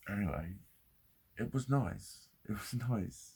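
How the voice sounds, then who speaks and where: Male vlogger, gravelly and husky, candid, profane rant. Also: lowish voice, animated, takes it slowly, a little mellow. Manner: heavy swearing, ranting, candid. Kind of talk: confessional monologue.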